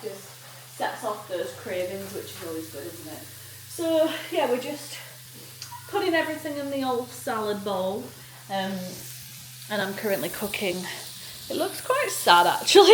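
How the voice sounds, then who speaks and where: A woman's voice: medium pitch, slight background noise. A young woman chatting casually and upbeat, self-deprecating, in a day-in-the-life vlog, first while cooking at home, then out on a walk. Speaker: vlogger. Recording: roomy sound with loud kitchen sizzle and outdoor ambience.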